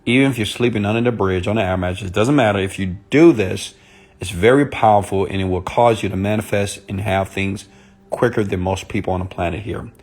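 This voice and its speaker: Soft-spoken man on a chatty live stream. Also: lowish voice, fairly quick. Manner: soft, intimate on purpose; chatty, greets commenters by name. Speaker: motivational speaker. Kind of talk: live-stream talk to viewers.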